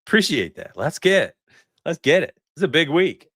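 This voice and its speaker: Excitable forties man hosting a stream. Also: a little high, normal speed, husky, no room sound, studio quality. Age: 40s. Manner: excitable, chatty, laughs often. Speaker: sports betting livestream host. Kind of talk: casual livestream chat.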